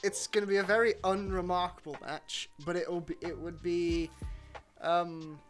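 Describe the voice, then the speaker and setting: A man's voice: high voice, fairly even intonation, normal speed, soft background music. A man co-hosting a podcast, rambling and self-deprecating in casual chat. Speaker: podcast co-host.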